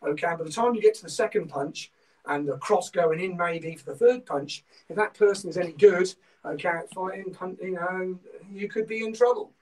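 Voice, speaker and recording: A man from England with a Norfolk accent teaches an online martial arts class, breaking down punch technique step by step and checking in with "okay?" He shouts counts during drills. His high voice moves at a moderate pace, picked up by a distant mic in poor audio.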